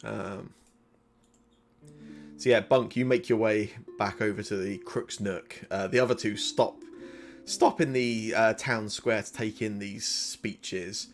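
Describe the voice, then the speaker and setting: A man's voice: lowish voice, steady tone, slow pace, soft background music. A man narrating a tabletop game as game master, loose and hesitant with many fillers.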